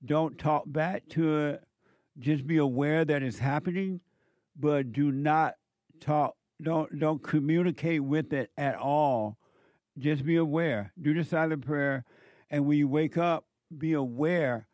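A man's voice: fairly high pitch, slow pace, a little mellow, no echo. A man hosting a call-in show, giving firm, direct instructions to a caller. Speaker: host.

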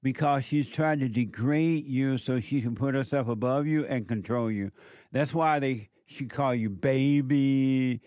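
A man hosting a call-in radio show, blunt and quick to laugh, lecturing his callers. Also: medium pitch, a little mellow, no room sound. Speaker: radio talk show host.

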